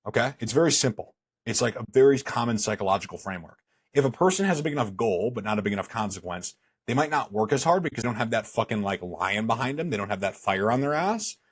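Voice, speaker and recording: A man's voice: lowish voice, breathy edge, no echo, studio quality. A young man teaching a fitness coaching sales course, blunt and emphatic with frequent swearing. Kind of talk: course lecture.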